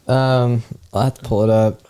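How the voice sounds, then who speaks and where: A man's voice: mid-range voice, flat delivery, moderate pace, dark tone, a little hiss or hum. A young man co-hosting a podcast, chatting loosely and jokingly with lots of fillers. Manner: loose, filler-heavy, jokey. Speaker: podcast co-host. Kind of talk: casual chat.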